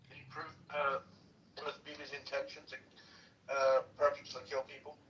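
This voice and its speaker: A man's voice: medium pitch, monotone, brisk, a bit bright, highs cut off. A man moderating a casual debate in an online audio room, argumentative and often repeating words as he presses his point. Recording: distant mic with faint hiss.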